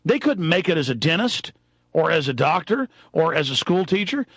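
High-pitched man ranting on talk radio. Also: very animated, slightly rough, dry recording, highs cut off. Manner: fast, angry, rising to shouts. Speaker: radio host. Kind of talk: heated political talk radio rant.

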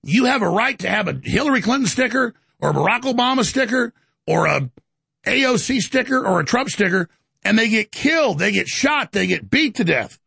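A man's voice: high-pitched, animated, moderate pace, creaky, sharp tone, slightly rough, no room sound. A man hosting a live call-in talk show, ranting about politics in a rambling way with stammering restarts. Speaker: talk show host taking calls.

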